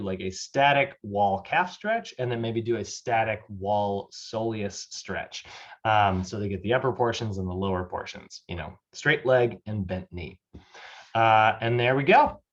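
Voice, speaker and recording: A man gives a casual class lecture on fitness training, talking in a loose, easygoing way with plenty of fillers. His voice sits in a middle pitch. The recording is a little muffled. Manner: loose and chatty, lots of fillers. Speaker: personal fitness training instructor.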